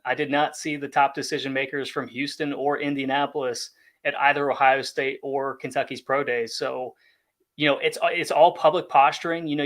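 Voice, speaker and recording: A man with a slightly higher voice explains his points in a calm, measured way. He talks in casual podcast chat. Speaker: football draft analyst.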